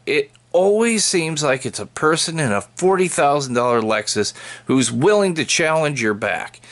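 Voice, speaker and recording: A man's voice: on the low side, creaky, a bit bright. A man doing a sarcastic stand-up routine as a trucker, telling wry stories. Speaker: trucker comedian. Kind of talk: stand-up comedy how-to monologue.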